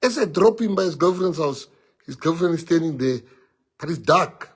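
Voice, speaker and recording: Husky South African man telling a story. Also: on the high side, normal speed. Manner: animated storyteller, laughs, switches into Afrikaans. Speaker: politician. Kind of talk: storytelling anecdote in conversation.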